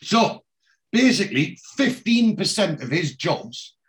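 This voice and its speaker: A man's voice: sits high, sing-song, measured pace. A man co-hosting a casual chat, retelling scenes and quoting characters with lots of fillers and restarts. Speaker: podcast co-host recapping a TV episode.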